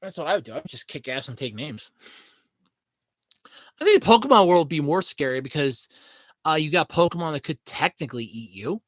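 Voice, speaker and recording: A man's voice: on the high side, very animated, fairly quick, pauses often, a bit bright, no room sound. A man hosting a podcast in casual, rambling chat, swearing freely and laughing at his own jokes. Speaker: podcast host.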